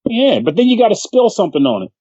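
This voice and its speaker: A male podcast co-host chats casually and tells lively stories, dropping curse words and putting on voices for the people in them. His dry, dull-sounding mic carries no room at all. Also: sits high, quick pace, breathy edge, no room sound. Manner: animated storyteller, swears freely, acts out the people he quotes. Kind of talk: casual chat.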